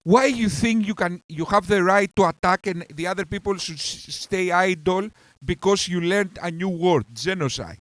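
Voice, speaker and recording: A man hosting a reaction commentary, talking with heated scorn and insults and swinging between outbursts and calmer stretches. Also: high voice, moderate pace, few pauses, no room sound. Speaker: commentary channel host.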